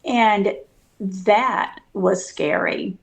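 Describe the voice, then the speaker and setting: A woman's voice: medium pitch, expressive, extremely slow, creaky. A woman guest telling a personal story in casual interview talk, earnest and full of fillers and restarts.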